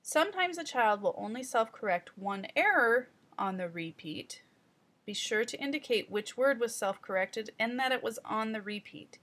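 A woman teaching trainees in an instructional voice-over, explaining deliberately and speaking straight to the viewer. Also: fairly high pitch, lively intonation, a bit bright.

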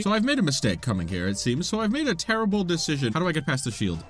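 A man's voice: a little high, wildly swooping pitch, a little fast, few pauses, a bit bright. A young man giving playful, dramatic let's-play commentary, trash-talking enemies and panicking in bursts. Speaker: gaming YouTuber. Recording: faint game music behind. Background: game music.

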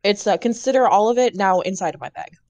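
A woman's voice: mid-range voice, a little mellow, no room sound. Sassy woman playing her tabletop character. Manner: sassy, quick, laughs at own slips. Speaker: player.

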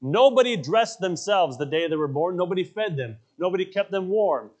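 Pastor guy preaching in church, voice sits a bit high, punchy storytelling, says the big lines twice. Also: animated, moderate pace, a little mellow. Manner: emphatic storytelling, repeats key phrases. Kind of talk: sermon. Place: church sanctuary.

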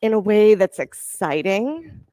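A woman yoga instructor giving calm, encouraging cues for breath and poses during a class. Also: medium pitch, a little slow, dry recording, clean studio sound.

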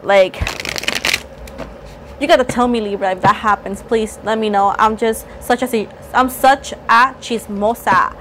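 A woman doing a casual tarot reading to camera, chatty, playful and teasing, getting excited as she goes. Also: mid-range voice, normal speed, long pauses, a little hiss or hum. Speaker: tarot reader.

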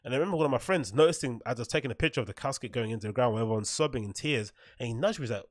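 A man's voice: mid-range voice, lively intonation, very fast, few pauses, dry recording, studio quality. A man hosting a podcast, giving a blunt, opinionated commentary monologue full of "right?" asides and swearing. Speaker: podcast host.

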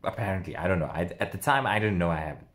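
A man working as an empath who does personal readings tells a story in a casual vlog. He is animated and drops sound words like "boom" between phrases. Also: racing.

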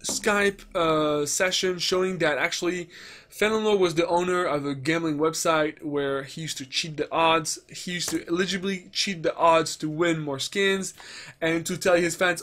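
Brief: male gaming commentator, rants and swears, voice sits fairly high. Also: fairly even intonation, normal speed, bright, forceful tone. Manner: ranting, profane, mocks others in put-on voices. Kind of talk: commentary vlog.

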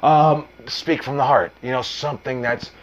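A man's voice: mid-range voice, steady tone, moderate pace, dull audio. A man coaching on wrestling promos in a loose, casual talk, full of fillers, restarts and the odd swear word. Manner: uses mild profanity.

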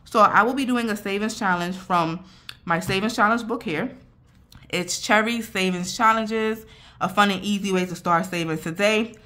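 With a bright, forceful tone in the middle of her range and a moderate pace, a young budgeting vlogger talks straight to camera. She's chatty, playful and a little winded in this casual vlog chat.

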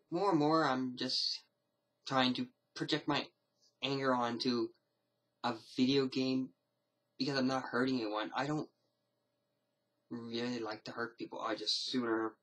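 Male vlogger, husky timbre, casual to-camera rambling, hesitant with many restarts. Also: mid-range voice, bright, forceful tone, low-quality recording. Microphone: camera mic.

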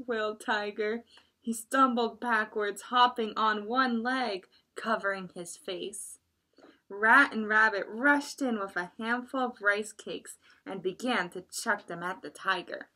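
A woman librarian reading a picture book aloud at children's story time, expressive and adding chatty asides for the kids. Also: medium pitch, unhurried.

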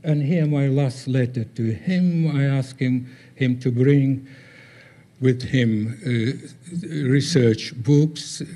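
An older man gives a conference talk over slides, halting, with many pauses and fillers. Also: medium pitch, warm tone. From former Soviet Union. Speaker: guest speaker.

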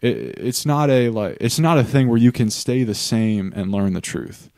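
A man's voice: mid-range voice, expressive, moderate pace, darkish tone, dry recording. A young man, a pastor hosting a faith podcast, talking in an earnest, reflective way and restarting often. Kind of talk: casual faith discussion.

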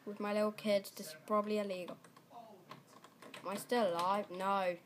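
A young woman giving casual, excitable gameplay commentary, shrieking and laughing at on-screen mishaps. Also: mid-range voice, moderate pace, pauses often, slight background noise. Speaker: gaming channel host.

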